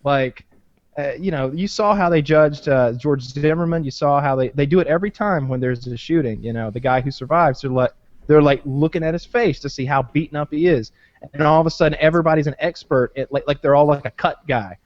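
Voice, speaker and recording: A man hosting a podcast, talking in loose, profane rambles full of fillers. His voice sits a bit high. The audio is dull, dry and lo-fi. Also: fairly quick, dry recording. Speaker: podcast host. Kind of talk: casual podcast chat.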